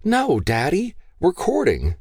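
In an audiobook, a man performs a full character voice for a frightened young woman pleading with her family, pitching it above his own natural voice. The delivery is slow, with wildly swooping pitch and vocal fry, in a fairly high, darkish, slightly rough tone. The recording is dry, with clean studio sound.

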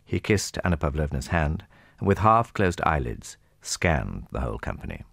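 Deep, gravelly male audiobook narrator. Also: no echo, studio quality. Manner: measured, expressive storytelling. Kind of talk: scripted narration of a classic novel.

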